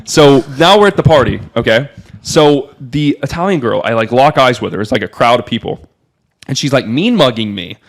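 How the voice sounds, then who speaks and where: A young man from Miami telling a rambling party story on a podcast, excitable, with a lot of filler "like". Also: medium pitch, moderate pace. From Miami, USA. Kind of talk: casual storytelling.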